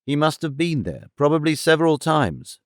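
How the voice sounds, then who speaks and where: Guy doing a sharp detective for an audiobook, decisive, smooth clean voice. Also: fairly high pitch, big pitch swings, normal speed, dry recording, clean studio sound, pitched above the performer's own voice. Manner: crisp, decisive deductions.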